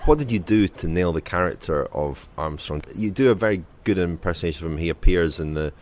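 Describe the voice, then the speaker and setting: A man's voice: deep voice, brisk, darkish tone. A man hosting a podcast, introducing segments and asking long, hesitant, rambling questions. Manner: rambling, hesitant, many fillers and restarts. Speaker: podcast host. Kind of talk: casual podcast chat and interviewing.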